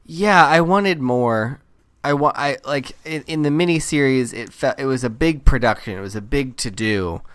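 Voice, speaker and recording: A man co-hosting a podcast, casually retelling scenes from a film in an animated way. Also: mid-range voice, moderate pace, smooth, dry recording. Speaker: podcast co-host. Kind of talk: casual chat, film review.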